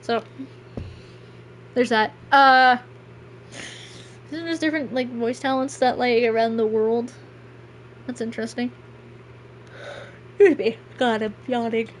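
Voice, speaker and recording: A woman's voice: on the high side, steady tone, slow, pauses often, slight background noise. A woman streaming a game and chatting casually as the credits roll, rambling and self-deprecating. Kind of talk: casual gameplay stream chat.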